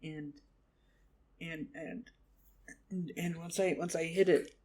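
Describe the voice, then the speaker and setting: A man's voice: fairly high pitch, steady tone, slow pace, a little mellow. A man telling a rambling improvised fantasy story, repeating his words and swearing casually. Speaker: vlogger.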